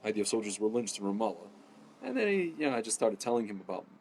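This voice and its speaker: A man ranting casually to camera, rambling with many fillers and restarts, often addressing his audience as ladies and gentlemen. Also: lowish voice, big pitch swings, fast talker, a little hiss or hum. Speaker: political commentator. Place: home in Jerusalem.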